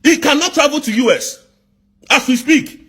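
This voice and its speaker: A man from southeast Nigeria, delivering an angry political rant full of repeated rhetorical questions and bursts of shouting. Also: very high-pitched, moderate pace.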